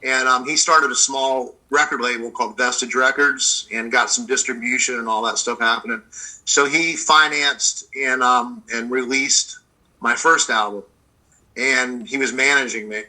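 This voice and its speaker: Man from the States, bright and forceful timbre, rambling relaxed storyteller, video-call interview guest. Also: mid-range voice, normal speed, rough recording. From United States. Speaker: blues guitarist guest.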